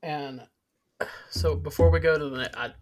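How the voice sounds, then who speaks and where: A man with a fairly high voice gives blunt opinions on a film in relaxed podcast chat. He often cuts himself off and starts his sentences again. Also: normal speed. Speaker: podcast co-host. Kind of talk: casual movie review chat.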